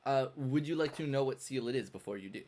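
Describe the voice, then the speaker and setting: A man narrating as game master over a video call, halting and full of fillers. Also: mid-range voice, a little mellow. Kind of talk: narrating a tabletop game online.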